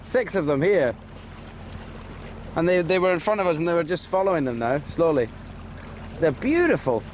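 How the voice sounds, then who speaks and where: A man giving interview answers as an animated storyteller who laughs often. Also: on the high side, normal speed, slight background noise. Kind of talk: casual interview chat.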